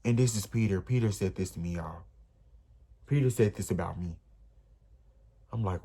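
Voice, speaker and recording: A man's voice: low voice, normal speed, pauses often, mellow, husky. A young man, telling an emotional, rambling storytime straight to his viewers. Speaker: vlogger. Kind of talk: storytime vlog.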